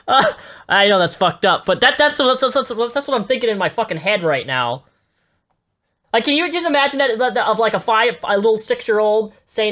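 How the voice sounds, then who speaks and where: A woman's voice: a little high, expressive, a little fast, fairly bright tone. Woman, live reaction commentator; blunt, profane, stammery when heated.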